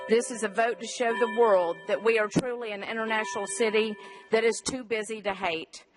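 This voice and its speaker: A woman's voice: on the high side, fairly even intonation, a little fast, over music, rough recording. A woman, a mother, giving an earnest and emotional prepared public comment to a city council. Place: council chamber.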